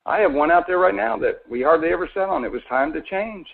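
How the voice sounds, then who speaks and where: A mortgage presenter in his forties from Florida pitches folksily and persuasively over a conference call, peppering listeners with questions. His fairly high voice is animated, quick and creaky, heard through tinny phone audio.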